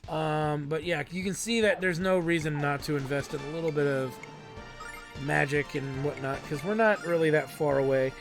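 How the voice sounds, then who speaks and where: Laid-back gravelly game commentator. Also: male voice, on the high side, normal speed. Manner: laid-back, chatty asides. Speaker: let's play host. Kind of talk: casual gameplay commentary. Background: game music.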